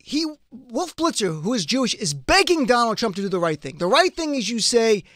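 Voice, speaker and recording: A man's voice: very high-pitched, sing-song, fairly quick, hardly any pauses, fairly bright tone, no echo, clean studio sound. A man hosting a political talk show, making an emphatic, passionate case full of rhetorical questions. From United States. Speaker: radio show host. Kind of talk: political commentary.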